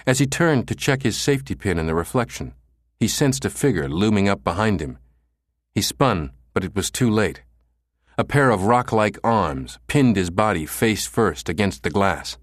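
Low-voiced male thriller narrator. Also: no echo, clean studio sound. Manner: dramatic, measured storytelling. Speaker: audiobook narrator.

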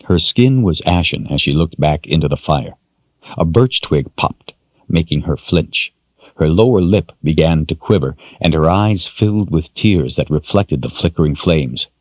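A man narrates an audiobook in a measured, expressive way. His voice is very deep, with lively swings of pitch. The recording is dry and slightly muffled, with no room sound. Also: no room sound. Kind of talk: scripted narration.

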